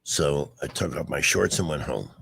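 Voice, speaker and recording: An older man in his sixties with a very low, deep voice, hosting a casual talk radio show. He spins rambling stories, backing up and restarting as he goes. The sound is close and dry, like a studio mic. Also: expressive, normal speed, vocal fry, bright, forceful tone, breathy edge, no echo.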